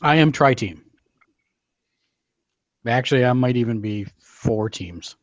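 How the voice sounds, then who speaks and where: A man's voice: mid-range voice, expressive, takes it slowly, dry recording, lo-fi sound. A man in casual talk over a card game, reading out viewer comments and weighing strategy. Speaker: card game player and co-host. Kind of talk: casual gameplay chat.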